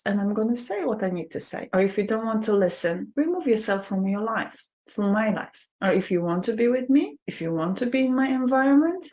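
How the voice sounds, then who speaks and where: Impassioned woman coach with English. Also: medium pitch. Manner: emphatic, impassioned, rising to sharp outbursts. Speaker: women's empowerment coach. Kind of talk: passionate vlog monologue.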